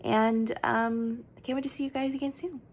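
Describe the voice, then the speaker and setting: A woman's voice: a little high, fairly even intonation, moderate pace, a little hiss or hum. A young adult woman talking casually to camera in a vlog, chatty and gushing, filling her speech with "like" and "um". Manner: chatty and gushing, many fillers like "like" and "um". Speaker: vlogger.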